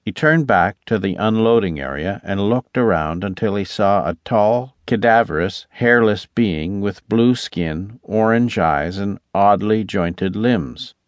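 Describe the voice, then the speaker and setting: A man narrating an audiobook, reading gruff, sardonic dialogue for its characters. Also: on the low side, unhurried, hardly any pauses, dry recording, highs cut off. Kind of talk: scripted narration. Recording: dry close studio recording.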